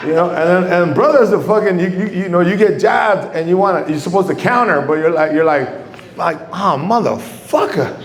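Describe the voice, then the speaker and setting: Onstage at a comedy club, a middle-aged Mexican comedian rambles through stand-up stories, swearing heavily and performing the voices he quotes. He speaks fairly quickly in a high voice, and the club room sounds echoey.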